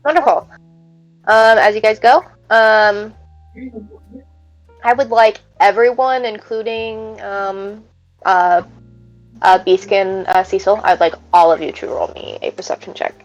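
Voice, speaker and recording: A woman's voice: mid-range voice, steady tone, unhurried, long pauses, dull audio, soft background music. A woman narrating as game master of a tabletop game, hesitant with many fillers.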